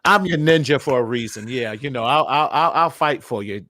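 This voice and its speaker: Man, host, casual video-call chat, animated, laughs a lot, dry sound. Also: medium pitch, moderate pace, dry recording. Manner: animated, laughs often, repeats words. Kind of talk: casual live-stream chat.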